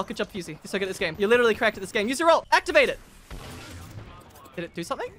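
A young Australian man chatting playfully while playing a game, excitable and teasing. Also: high voice, very fast, pauses often. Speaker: streamer. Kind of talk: casual gaming chat.

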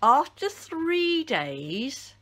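Lady reading a bible story for kids, super slow, pitch all over the place. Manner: deliberate, expressive storytelling. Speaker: church storyteller.

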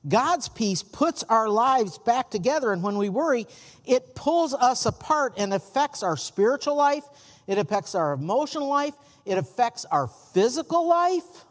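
A man preaching in a church, his pitch rising and falling a great deal as he tells folksy stories. The sound has a long, hall-like reverb. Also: sing-song, a little slow. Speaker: pastor. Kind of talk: sermon. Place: church sanctuary.

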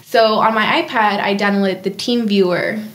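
A woman's voice: medium pitch, fairly even intonation, moderate pace. A bubbly woman in her twenties, chatting casually as a podcast guest, giggling often and saying "like" a lot. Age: 20s.

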